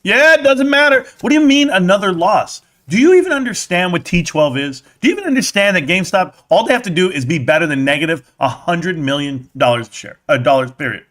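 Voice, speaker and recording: A man's voice: high-pitched, expressive, quick pace, hardly any pauses, a bit bright. Brash, mocking male live streamer. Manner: brash, mocking, rants at chat. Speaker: stock market live streamer.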